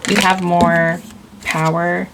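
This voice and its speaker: Woman tarot reader, low and unhurried, gravelly edge, loose rambling delivery. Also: little pitch movement, background noise. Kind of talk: casual intuitive tarot reading.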